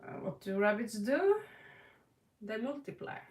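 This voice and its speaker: A woman's voice: fairly high pitch, big pitch swings, a little slow, a little mellow. A woman from Norway giving a live tarot reading, chatty and laughing often, calling viewers by name. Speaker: tarot reader. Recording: roomy echo, distant mic.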